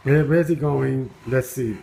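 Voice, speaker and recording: A man's voice: mid-range voice, measured pace, vocal fry, mellow, a little hiss or hum. Amused man narrating his dog. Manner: amused, exclaiming, chuckling often. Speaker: vlogger filming his dog. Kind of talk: casual running commentary. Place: at home indoors.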